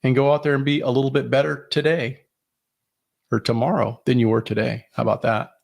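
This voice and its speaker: Gravelly, husky-voiced male podcast host. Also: mid-range voice, flat delivery, darkish tone. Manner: halting, with many fillers and restarts. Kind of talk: casual chat.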